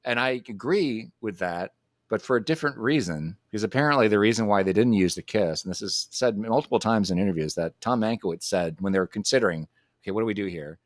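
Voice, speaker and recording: A man with a lowish voice talks through the choices behind a film's alternate cut, steady and analytical. He sits close to a dry microphone. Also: fast talker, no echo. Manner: analytical, cites production history. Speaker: podcast co-host. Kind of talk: casual film discussion.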